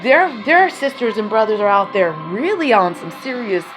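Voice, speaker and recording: A woman's voice: mid-range voice, very animated, moderate pace, music in the background. A woman telling her own life story as a mother, emotional and rambling, speaking bluntly and swearing.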